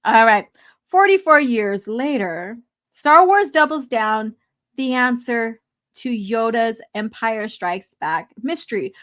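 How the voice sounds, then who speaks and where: A woman's voice: on the high side, lively intonation, slow, fairly bright tone. A woman hosting a casual live stream, laughing often as she reads chat messages aloud. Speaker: host.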